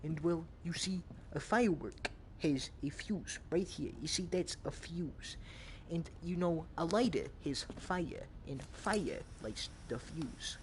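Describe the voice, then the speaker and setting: A man's voice: a little high, lively intonation, slow, slight background noise. A young man giving joking, rambling gameplay commentary, swearing now and then. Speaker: gamer.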